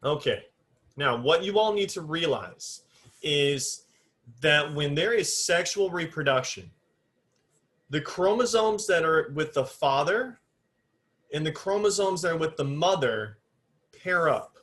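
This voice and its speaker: A man's voice: fairly high pitch, lively intonation, unhurried, pauses often, fairly bright tone. A male biology teacher giving a recorded classroom lecture while drawing on a board. He talks to students in an informal, direct way, sets firm rules on exact terms and counts aloud as he draws.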